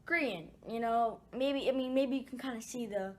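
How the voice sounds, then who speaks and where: Chatty female vlogger, slightly high, rambling storytelling. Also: normal speed, darkish tone. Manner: chatty, rambling with ums and restarts. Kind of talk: casual storytelling.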